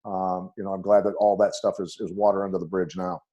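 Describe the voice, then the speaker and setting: A middle-aged ex-fight coach shares blunt, animated anecdotes on a podcast, imitating voices within his stories. His low voice comes through fast with the highs cut off.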